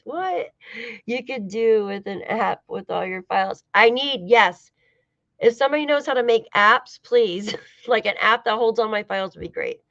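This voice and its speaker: A woman's voice: medium pitch, fairly bright tone, no room sound. A woman hosting a casual true-crime livestream, talking loosely to her chat, swearing now and then and laughing often. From United States. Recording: dull lo-fi dry sound.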